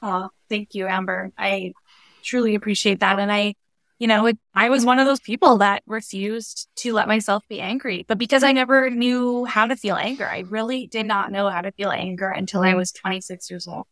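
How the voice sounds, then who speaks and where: A young adult woman, a spiritual life coach, talking earnestly and warmly about healing as a podcast guest. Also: medium pitch, steady tone, normal speed, no echo, clean studio sound. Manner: earnest, heartfelt, spiritual wording. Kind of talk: casual conversational interview.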